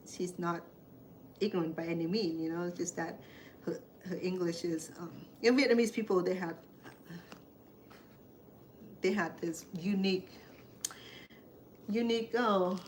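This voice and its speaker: A woman's voice: lowish voice, slight background noise. A woman with a Cambodian accent, a native Khmer speaker, hosting a cooking show and chatting in a rambling, storytelling way in her home kitchen. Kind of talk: casual chat while cooking.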